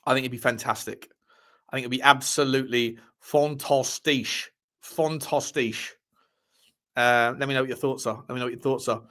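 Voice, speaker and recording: A man's voice: mid-range voice, fairly even intonation, normal speed, fairly bright tone. Man chatting through football transfer news. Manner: reads articles aloud with cheeky asides, repeats phrases. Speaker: host of a football fan show. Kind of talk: casual livestream chat reading transfer news.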